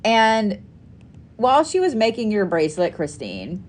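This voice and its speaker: Casual woman host, animated storyteller, salty language, middle-pitched voice. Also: measured pace. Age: adult parent. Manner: animated storytelling, frequent swearing. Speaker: live-stream host making custom bracelets. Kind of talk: casual chat to a live audience.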